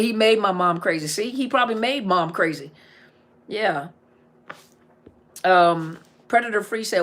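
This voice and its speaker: A middle-aged woman counselor, her voice medium-pitched and a bit bright, hosts a casual live stream. She reads viewer comments aloud, answers them, and often repeats key phrases for emphasis.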